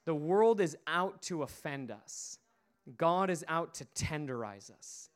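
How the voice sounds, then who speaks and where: A man's voice: a little high, lively intonation, takes it slowly. A man preaching a sermon, retelling a story emphatically with repeated phrases.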